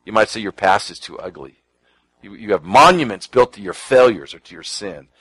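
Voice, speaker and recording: A man's voice: on the low side, lively intonation, normal speed, slightly rough, no room sound, low-quality recording. Man preaching in a conversational voice. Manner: conversational preaching, repeats words, quotes scripture; shifts from soft near-whispers to emphatic lines. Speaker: pastor. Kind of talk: sermon.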